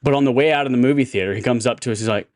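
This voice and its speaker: A man co-hosting a casual podcast, telling stories in an animated, profane way. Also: mid-range voice, racing, a little hiss or hum. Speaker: podcast co-host. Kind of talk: casual chat, storytelling.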